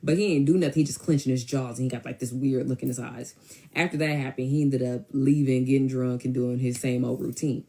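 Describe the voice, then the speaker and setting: A woman telling a personal story in a casual, animated way, with emphatic asides. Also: very deep voice. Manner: animated, emphatic, quick to mimic others.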